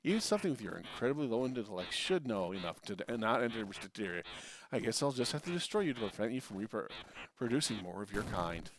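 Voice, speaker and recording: A man voicing a sneering, snobbish male robot clerk who talks down slowly and sarcastically. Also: fairly low pitch, big pitch swings, crowd noise. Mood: contemptuous. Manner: condescending, slow and sarcastic.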